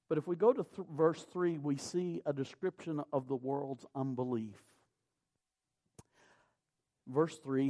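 A man preaching a sermon, moving from quiet, slow scripture reading to loud, impassioned preaching. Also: medium pitch. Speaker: pastor.

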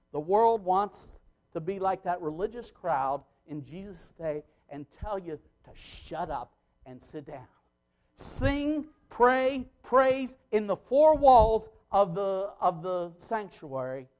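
A man pastor preaching an impassioned sermon that swings between loud outbursts and quiet asides. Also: sits high.

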